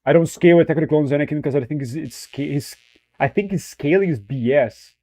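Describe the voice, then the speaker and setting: Loose, profane young streamer, slightly higher voice. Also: male voice, fast talker, dark tone. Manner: loose and profane, joking, reacting to chat. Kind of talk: casual livestream chat.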